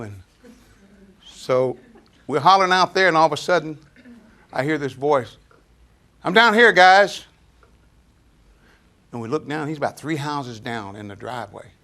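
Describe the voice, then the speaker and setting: A man's voice: medium pitch, vocal fry, a bit bright. An older man telling stories to a small audience in a folksy, chatty way, chuckling often. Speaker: storyteller speaking to an audience. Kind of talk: anecdotal storytelling to a live audience.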